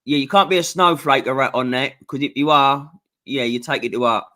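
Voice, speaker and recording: A man's voice: mid-range voice, a little fast, bright, forceful tone. A man co-hosting a casual football chat, rambling and chatty with lots of filler. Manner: chatty, rambling, laughs a lot. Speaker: co-host.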